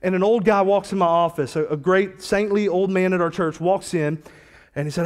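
Conversational male preacher, high voice. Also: fairly even intonation, brisk, a little mellow, long reverb tail. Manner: conversational storytelling, casual slang. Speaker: pastor. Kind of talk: sermon.

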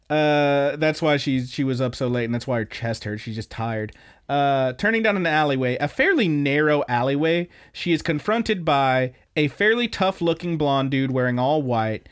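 A young man co-hosting a podcast recaps anime in a clear, resonant mid-range voice at a moderate pace. He rambles casually and curses, doing animated voices for quotes in a laid-back manner.

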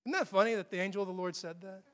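High-voiced, animated preaching man. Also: racing. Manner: animated, storytelling, joking. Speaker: pastor. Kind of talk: sermon.

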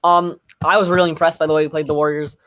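A young man co-hosting a sports podcast, chatting casually. He talks in a relaxed, rambling way, with plenty of fillers and restarts. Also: a little high, rapid-fire. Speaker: podcast co-host.

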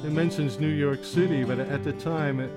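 A man's voice: on the high side, fairly even intonation, moderate pace. A man, a guest musician, chatting casually in an easygoing, agreeable way. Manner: easygoing, agreeable, laughs often. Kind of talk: casual chat. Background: guitar playing.

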